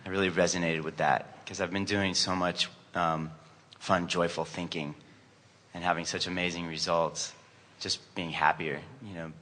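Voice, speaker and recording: A man's voice: low voice, little pitch movement, moderate pace, sharp tone. A man speaking casually and enthusiastically, agreeing with and adding to a conversation. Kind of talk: conversational questions and comments. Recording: long hall reverb.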